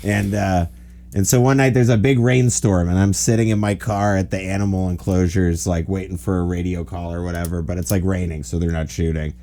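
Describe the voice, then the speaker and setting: A man's voice: deep voice, brisk, slight background noise. A man in his forties, hosting a podcast and telling a long rambling story with lots of "like". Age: 40s. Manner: animated, rambling anecdotes full of "like". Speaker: podcast host. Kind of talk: casual storytelling chat.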